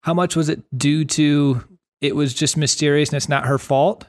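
A man's voice: on the high side, steady tone, normal speed. Enthusiastic man co-hosting a podcast. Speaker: podcast co-host. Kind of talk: casual chat.

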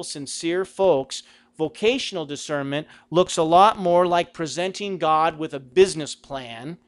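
Man with a smooth, slightly high voice. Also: a bit bright. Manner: conversational, asks rhetorical questions; acts out quoted lines with a raised voice. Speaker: Catholic speaker. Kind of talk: talk on Christian vocation.

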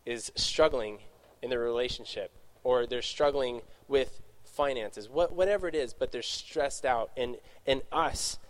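A man speaking casually to young adults, telling his own story in a Q&A and correcting himself often as he talks. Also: medium pitch. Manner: rambling, self-correcting, quick asides. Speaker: youth speaker.

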